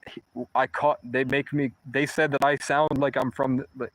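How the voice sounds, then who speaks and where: A man's voice: mid-range voice, flat delivery, normal speed, fairly bright tone, a little hiss or hum, rough recording. A homeless man telling a long story casually, rambling and swearing, with many false starts. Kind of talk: casual first-person storytelling.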